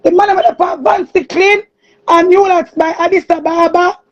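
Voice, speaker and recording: A woman with a Jamaican accent in an angry, cursing monologue, often shouting. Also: extremely high pitch, steady tone, normal speed, slight background noise. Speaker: streamer. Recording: muffled lo-fi recording.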